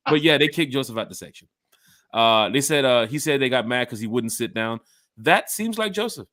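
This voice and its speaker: A man hosting a fan podcast in casual chat, telling stories with lively acted-out quotes on a home mic and camera. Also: medium pitch, a little fast, dry recording, clean studio sound. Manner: animated storyteller acting out quotes. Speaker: podcast host.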